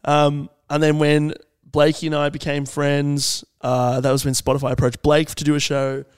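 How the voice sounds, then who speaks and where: A man's voice: on the high side, monotone, normal speed, clean tone. An Australian man co-hosting a podcast in casual chat, laughing often and swearing freely as he riffs. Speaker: podcast co-host.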